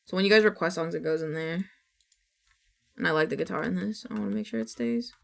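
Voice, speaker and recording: A woman's voice: on the low side, fast, creaky. A woman streamer chatting casually to her viewers, rambling with frequent restarts and casual swearing. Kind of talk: casual live-stream chat.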